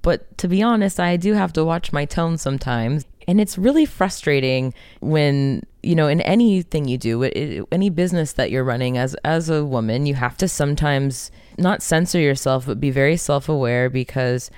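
A woman's voice: low voice, animated, normal speed, hardly any pauses, darkish tone, clear, resonant tone, dry recording, studio quality. A woman singer in a band, talking candidly and expressively in a casual interview and swearing freely.

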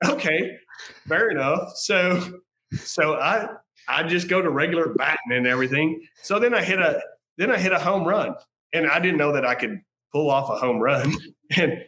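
A man's voice: fairly high pitch, lively intonation, normal speed, bright, forceful tone. A man telling stories as a podcast guest, laughing often and restarting as he talks. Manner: laughs often, repeats and restarts as he tells the story. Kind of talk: casual storytelling.

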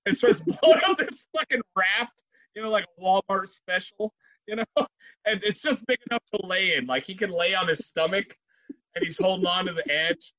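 A man with a high, bright voice tells a story in loose, animated chat. He swears freely and laughs often as he talks. The sound is dry and slightly muffled. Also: moderate pace, no room sound.

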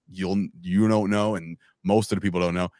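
A man's voice: deep voice, normal speed, no echo, clean studio sound. A man, a podcast guest telling his own stories in casual chat and acting out the voices of people he quotes. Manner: animated storytelling, acts out quoted voices. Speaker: podcast guest, wrestling commentator.

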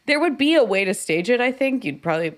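A woman's voice: fairly high pitch, very animated, fast talker. A woman co-hosting a podcast, chatting casually about a scene and thinking aloud with fillers and restarts. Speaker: podcast co-host. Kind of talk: casual chat about screenwriting.

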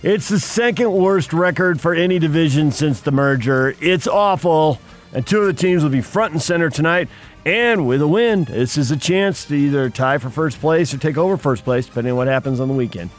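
A man's voice: fairly high pitch, animated, brisk, faint music behind. A man hosting a morning sports radio show, reading headlines and teasing his co-host with dry humor.

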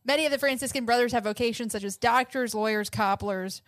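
A woman's voice: a little high, quick pace, dry recording. A woman co-hosting a casual chat, asking dry, pointed questions and laughing often.

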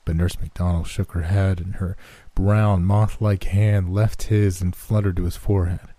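A man narrating a horror story in a slow, measured way. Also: deep voice, flat delivery, dark tone, dry recording.

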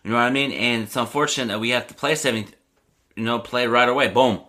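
A young man hosting a sports podcast, talking casually and getting animated as he rants, with lots of "you know what I mean". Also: medium pitch, fast talker.

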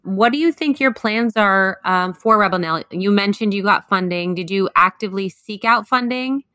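A woman's voice: mid-range voice, moderate pace, bright, forceful tone, no echo. A woman hosting an interview, responding appreciatively and asking about plans. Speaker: interviewer host. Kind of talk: interview questions.

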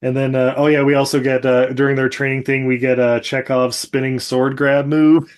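A man's voice: medium pitch, flat delivery, moderate pace, smooth. Laughing, rambling man. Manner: laughs often, rambling retelling with quoted asides. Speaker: podcast host. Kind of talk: casual podcast chat. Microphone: video call microphone.

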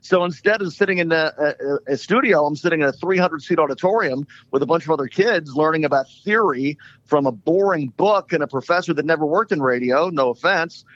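A man's voice: fairly high pitch, fairly quick, a bit bright, muffled recording. An older man from Southwest Philadelphia, a basketball announcer, telling wry stories as a guest on a radio show. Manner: wry, storytelling, joking. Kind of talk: casual radio interview.

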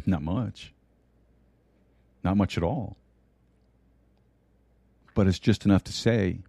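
A middle-aged man preaching a sermon and telling a story, slowing down to stress key words. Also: deep voice, gravelly, dark tone, no echo.

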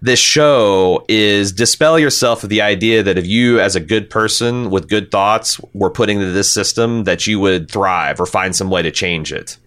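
A man's voice: lowish voice, normal speed, hardly any pauses, a bit bright, smooth. A man hosting a casual podcast discussion, talking in a rambling way with many restarts and fillers. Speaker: podcast host.

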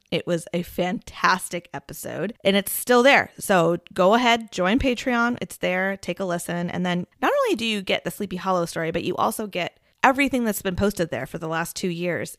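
A woman's voice: mid-range voice, fairly bright tone, no echo, studio quality. A woman in her thirties hosting a podcast, telling a story in a chatty way and laughing often. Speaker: podcast host. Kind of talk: casual storytelling chat.

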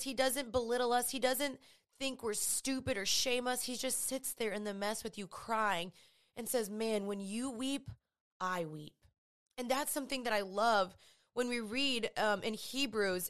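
A woman's voice: on the high side, a bit bright. A woman giving a casual devotional talk. She speaks earnestly and conversationally and tells vivid stories. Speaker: Christian speaker.

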